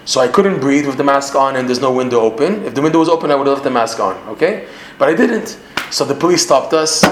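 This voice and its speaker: A man with a Canadian accent teaching a Torah class in an animated way, quoting Hebrew lines and then translating them. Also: medium pitch, echoey room, slight background noise.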